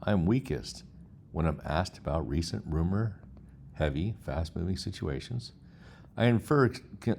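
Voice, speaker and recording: A man's voice: very deep voice, gravelly, darkish tone. A man hosting a casual vlog, reading chatbot replies aloud with incredulous asides. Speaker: host.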